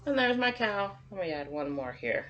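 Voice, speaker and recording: A woman teacher giving a gentle, encouraging drawing lesson to young children and talking through each step as she draws. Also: mid-range voice, very animated, normal speed, muffled recording. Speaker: kindergarten teacher.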